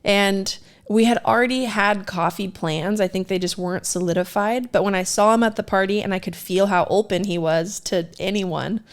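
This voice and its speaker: A woman's voice: medium pitch, normal speed, few pauses. Candid, laughing woman podcast host. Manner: candid, self-deprecating, laughs often. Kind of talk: casual storytelling.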